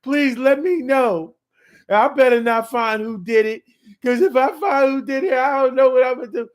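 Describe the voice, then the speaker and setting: A man voicing a person who pleads on camera with fake, overwrought distress. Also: moderate pace. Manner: loud, high, overwrought pleading.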